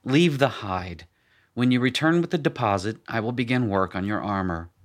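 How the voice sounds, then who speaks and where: A man's voice: mid-range voice, lively intonation, moderate pace, close to an everyday voice. A man reading a story, voicing a jovial, shrewd male armorer who bargains with folksy wit. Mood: wry.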